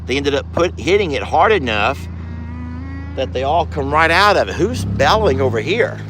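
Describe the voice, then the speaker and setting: A man with a slightly high, very lively voice, cooing baby talk at his animals while driving around his ranch in a side-by-side. Outdoors with a faint hum of noise behind him. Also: moderate pace. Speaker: ranch owner. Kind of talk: casual vlog narration.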